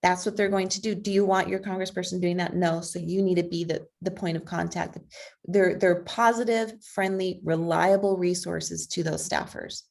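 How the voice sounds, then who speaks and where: Energetic woman talking on a video call, pushy but friendly, lots of ums. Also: lowish voice, moderate pace, creaky. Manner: energetic, persuasive, with frequent fillers. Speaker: guest speaker, advocacy group president. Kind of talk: conversational online talk.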